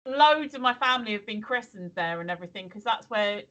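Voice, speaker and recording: Bright, lively English woman chatting. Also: medium pitch, brisk, rough recording. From England. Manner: rambling, hesitant with many ums. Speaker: stream co-host. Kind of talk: casual chat.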